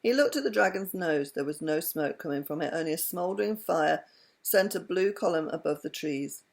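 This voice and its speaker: A woman reads a children's story aloud with expressive delivery. Her voice sits low and carries a gravelly texture. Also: moderate pace. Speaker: storybook reader.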